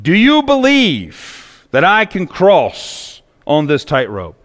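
A man's voice: on the high side, wildly swooping pitch, slow pace, a bit bright, heavily acted. A man doing a bold showman daredevil. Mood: challenging. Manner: challenging the crowd with questions. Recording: long echoey reverb.

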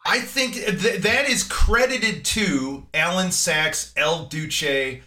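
Guy hosting a podcast on a video call, bright forceful voice, slightly high, jumps in eager. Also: slow pace. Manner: eager, talks over others, restarts often. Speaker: podcast host. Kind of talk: casual chat.

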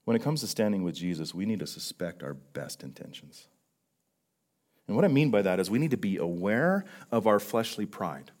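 A man of middle pitch delivers a sermon to his congregation. His voice swings widely, dropping low and quiet, then rising with emphatic force. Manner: earnest preaching, swinging from hushed to emphatic. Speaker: pastor.

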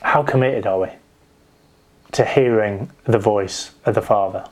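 A man's voice: lowish voice, measured pace. A man preaching a sermon in a conversational, digressive storytelling way, with frequent restarts. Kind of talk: sermon with personal anecdote.

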